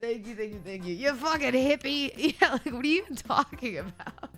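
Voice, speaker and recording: A woman's voice: on the high side, expressive, fast, fairly bright tone. A woman streamer chatting casually with her viewers, rambling, sarcastic and often laughing. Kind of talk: casual live-stream chat.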